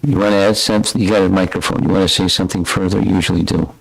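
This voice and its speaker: An older man giving a scripture class as a spiritual teacher, telling stories in a reflective, unhurried way. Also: low-pitched, steady tone, vocal fry, slight background noise, low-quality recording.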